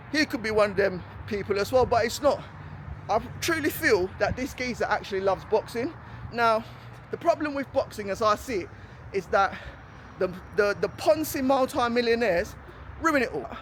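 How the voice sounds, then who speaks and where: Chatty East London man, higher voice. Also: a little hiss or hum. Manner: chatty, animated, slangy and opinionated. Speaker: vlogger. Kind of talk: casual vlog talk to camera. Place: outdoors by a stadium in a city.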